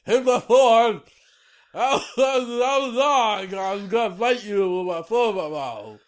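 A man putting on a high, loud, squealing voice for a goofy, boastful dog creature with a sword in its mouth, mumbling and giggling. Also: expressive, slow pace, clean tone. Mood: silly boastful.

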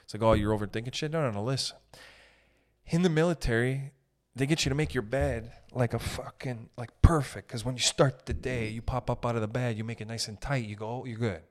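A man's voice: medium pitch, fairly quick. Profane, rambling young man on a podcast. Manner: animated, profane, rambling with jokey asides. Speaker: podcast host. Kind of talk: casual comedic podcast rant.

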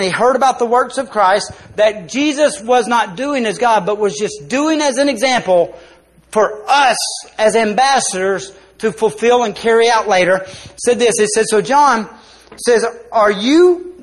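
High-voiced preacher, impassioned sermon. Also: male voice. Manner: impassioned preaching, swinging between loud appeals and quiet lowered asides. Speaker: pastor. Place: church sanctuary.

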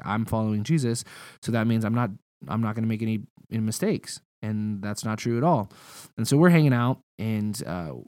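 A man's voice: lowish voice, darkish tone, no echo. A young man preaching a sermon in a casual, conversational way, telling personal stories.

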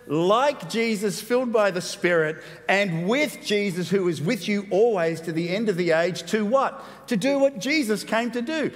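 A man preaching a sermon as pastor, animated and playful, with quick asides. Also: high-pitched. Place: church hall. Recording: long hall reverb.

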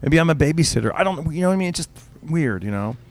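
A middle-aged man chats casually, winding through an anecdote with restarts and fillers. He speaks as a comedian would offstage, animated and loose. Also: a little high, fast. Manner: rambling, animated storyteller with many restarts and fillers. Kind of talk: casual storytelling chat.

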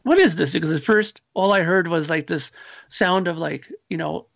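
A man in his forties or older, a musician guest, telling animated stories in casual chat and acting out his own past lines. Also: a little high, normal speed, vocal fry, no room sound.

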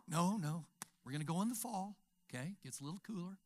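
An older male pastor preaching a sermon, telling stories and acting out dialogue, swinging from whispers to shouts. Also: fairly high pitch, expressive, quick pace.

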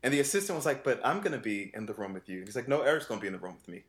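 A man in relaxed conversation, spinning a personal story with plenty of acted-out back-and-forth. His voice sits in an ordinary middle register, and he jumps up into other voices whenever he quotes someone. He laughs easily and swears freely. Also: medium pitch, racing. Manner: animated, acts out quoted dialogue with voice shifts; frequent laughter and casual swearing. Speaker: vocal coach. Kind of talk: casual storytelling chat.

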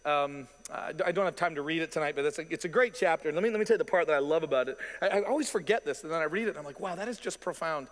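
A male pastor delivers a sermon in an animated, conversational style, slipping into asides and quick quoted voices. His voice sits slightly high for a man. A long hall reverb trails every phrase.

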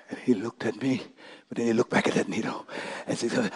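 A middle-aged male pastor preaching a sermon, swinging from quiet storytelling to shouted call-and-response. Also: medium pitch, fast, husky, long reverb tail.

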